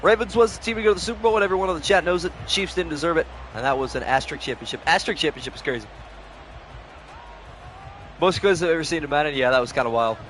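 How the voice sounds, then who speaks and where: A man's voice: a little high, expressive, quick pace, a bit bright, a little hiss or hum. A young man calling play-by-play on a live stream, switching between announcer-style calls and casual chat with viewers, short on sleep.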